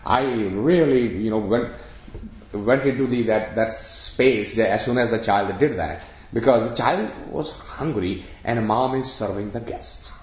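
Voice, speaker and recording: Give me a low-voiced man giving a spiritual talk to an audience, recorded in an echoey room. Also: measured pace, darkish tone, a little hiss or hum. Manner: conversational, explaining with examples and questions. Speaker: spiritual teacher. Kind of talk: spiritual discourse to a live audience. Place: room with an audience of about sixty. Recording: echoey room, dull lo-fi sound.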